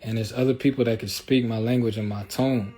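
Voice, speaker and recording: A man's voice: mid-range voice, fairly even intonation, brisk, mellow. A man hosting a livestream in a loose, streetwise, rambling way, often checking in with his listeners. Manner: loose, streetwise, rambling, with frequent filler asides. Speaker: livestream host. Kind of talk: casual livestream talk.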